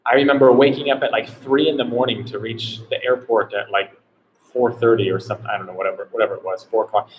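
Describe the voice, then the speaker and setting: A man's voice: medium pitch, fairly even intonation, fast talker, a little hiss or hum, poor audio. A man hosting a casual live travel Q&A, rambling and filling his talk with "like". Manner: rambling, heavy on "like" fillers. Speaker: travel vlogger host.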